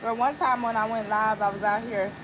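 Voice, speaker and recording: A woman's voice: a little high, fairly even intonation, brisk. A woman barber chatting playfully with viewers and her dog while cutting hair, talking into a phone outdoors. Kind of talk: casual live-stream chat while cutting hair. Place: outdoor deck, windy. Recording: outdoor wind and ambient noise.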